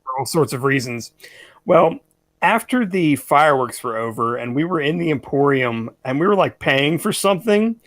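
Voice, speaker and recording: A man's voice: on the high side, lively intonation, moderate pace, fairly bright tone, no room sound. A man co-hosting a casual podcast chat, telling a story in a rambling way, full of "like"s. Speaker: podcast co-host.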